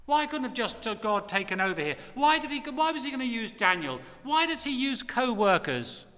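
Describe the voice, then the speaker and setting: Older preacher getting fired up, sharp bright voice, long echo from the church hall. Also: male voice, very high-pitched, big pitch swings, normal speed. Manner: emphatic, impassioned preaching. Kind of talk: sermon.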